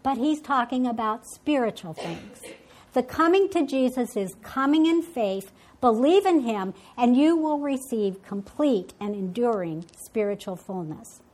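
Casting: woman Bible study teacher, slightly high voice, explains scripture while thinking aloud, restarting her sentences. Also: expressive, a little slow, darkish tone. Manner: thinks aloud with frequent restarts and self-corrections; paraphrases and quotes scripture in a teaching tone.

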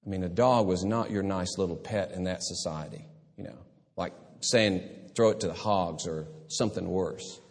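Man, pastor, sermon, husky voice, acts out story voices, long church-hall reverb. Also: low-pitched, normal speed.

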